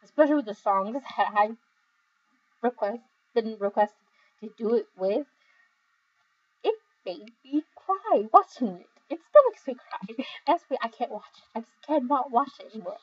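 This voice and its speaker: A tired young woman reading viewer comments in a casual, rambling chat, giggling often and filling pauses with "um" and "like". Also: a little high, lively intonation, slightly rough, lo-fi sound. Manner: giggly, rambling, with many fillers. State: overly tired. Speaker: video creator reading comments.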